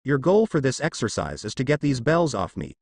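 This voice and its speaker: A man's voice: medium pitch, big pitch swings, fairly quick, a little mellow, no room sound, studio quality. A man reading a lazy, aloof ninja teacher. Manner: lazy and offhand.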